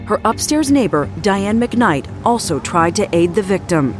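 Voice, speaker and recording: A woman giving measured, dramatic scripted narration for a true-crime program. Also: medium pitch, sing-song. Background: music.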